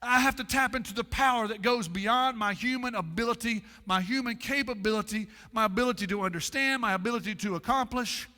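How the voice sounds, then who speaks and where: Male pastor, sermon, repetitive call-and-response cadence, bright ringing tone, reverberant sanctuary. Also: very high voice. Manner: preaching with dramatic pauses and repetition. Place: church sanctuary.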